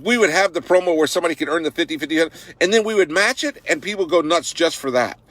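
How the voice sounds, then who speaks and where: A man's voice: on the high side, slightly rough. A company CEO, a man, giving a fired-up, salesy pep talk on a live social-media broadcast, outdoors in a park.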